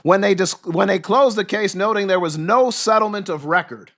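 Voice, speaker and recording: A man hosting a livestream who reads news aloud and reacts in a loud, fired-up, profane way, losing his voice. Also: sits high, moderate pace. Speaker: livestream host. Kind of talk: livestream commentary and news reading.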